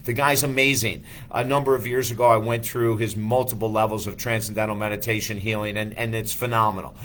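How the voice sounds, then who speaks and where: A man's voice: on the low side, flat delivery, quick pace, hardly any pauses, fairly bright tone, a little hiss or hum. A man who is a life coach, giving an enthusiastic motivational talk full of rhetorical questions.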